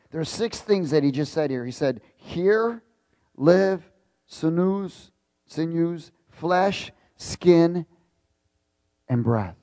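A man's voice: mid-range voice, warm tone, no echo. A male preacher reading scripture aloud in a sermon, stopping often to quiz the congregation and repeating key words with emphasis. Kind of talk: sermon with call-and-response.

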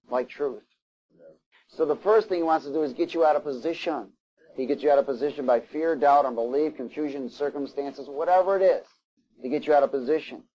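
A man delivers a sermon in a fairly high voice. He reads scripture aloud and breaks off for asides and questions to his listeners. The recording sounds a little dull and lo-fi. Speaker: preacher.

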